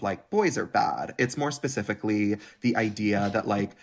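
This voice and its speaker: Chatty man with a lowish voice. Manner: chatty, animated, full of "like" and acted-out quotes. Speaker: guest, writer and content creator. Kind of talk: conversational interview.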